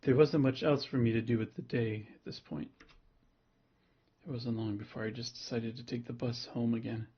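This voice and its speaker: A man's voice: mid-range voice, fairly even intonation, normal speed, breathy edge, lo-fi sound. A man streaming himself reading a visual novel aloud, with laid-back joking asides. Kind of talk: casual stream narration.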